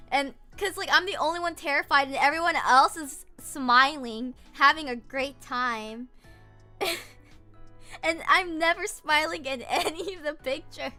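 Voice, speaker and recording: A woman's voice: high-pitched, bright, forceful tone. A woman streamer chatting casually from her home setup, rambling and giggling with lots of fillers.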